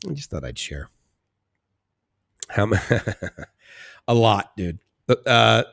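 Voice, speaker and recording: A man's voice: dry recording, clean studio sound. Chatty, rambling middle-aged man streaming live. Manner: chatty and rambling, laughs often, swings between soft musing and excited high bursts. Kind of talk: casual live-stream chat. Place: indoors at home.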